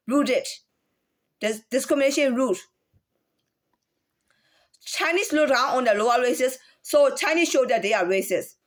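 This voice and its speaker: A woman talking in a casual monologue, halting with many restarts and fillers, sometimes demonstrating different speaking tones. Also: sits high.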